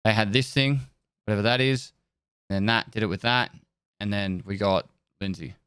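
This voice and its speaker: Chatting casually with his livestream viewers, a man rambles, trips over his words, laughs and swears. The sound is clean and studio quality with no echo, and his lowish voice is fairly bright at a normal speed.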